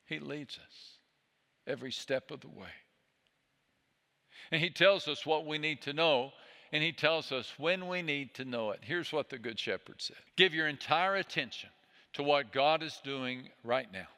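A man preaching a sermon as a pastor, speaking in a gentle, soothing way that often sinks low and soft. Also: moderate pace. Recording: long hall reverb.

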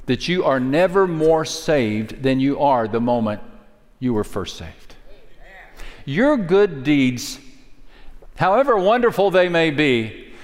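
Man preaching a sermon with hall reverb. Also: on the high side. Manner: dynamic preaching, dropping to a hush for key lines. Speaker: pastor.

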